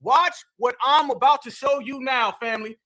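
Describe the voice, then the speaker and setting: A man's voice: very high voice, normal speed, sharp tone. A man with an African American Vernacular English accent giving impassioned, preachy streaming commentary and calling his viewers fam.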